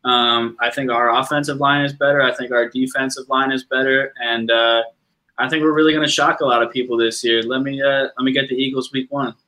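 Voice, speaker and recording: Flat, bright-voiced man on football. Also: medium pitch, fairly quick, rough recording. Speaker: podcast panelist. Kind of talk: casual sports talk.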